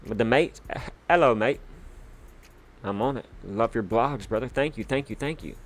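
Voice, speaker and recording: A man hosting a casual livestream, chatty and excitable, with lots of fillers, shout-outs and sudden bursts of hype. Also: medium pitch, normal speed. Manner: hyped, chatty, full of fillers. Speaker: livestream host.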